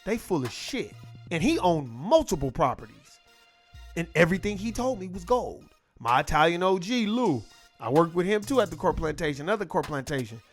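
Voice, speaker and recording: A middle-aged man holds forth in a casual monologue, blunt and full of profanity, telling stories with plenty of animation. His voice sits high for a man. Faint music plays under him. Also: very animated, fairly quick.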